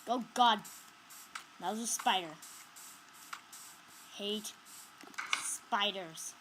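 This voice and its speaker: A woman's voice: mid-range voice, very slow, background noise. Jumpy young woman narrating a game. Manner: jumpy, shrieks when startled. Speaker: gamer narrating her play. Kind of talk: casual gameplay commentary.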